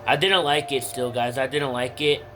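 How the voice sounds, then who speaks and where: A man's voice: mid-range voice, normal speed, a little hiss or hum. A teenage boy telling a personal story to camera in a casual vlog, rambling with lots of fillers and blunt swearing. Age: teens. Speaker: vlogger.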